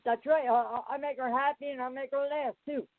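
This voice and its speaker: High-voiced man stumbling on a tinny line. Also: fairly even intonation. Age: 50s. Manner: halting, stumbling over words. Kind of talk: casual radio banter. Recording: tinny phone-like line with faint music.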